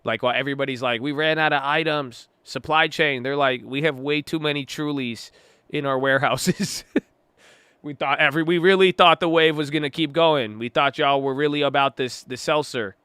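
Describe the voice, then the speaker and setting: A young man hosts a casual livestream, reading chat messages aloud and riffing on them in relaxed, slangy talk. His voice is bright and crisp, and it comes across close and dry with no room sound. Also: a little high, moderate pace, no room sound. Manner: loose and chatty, reacting to chat, slang-heavy.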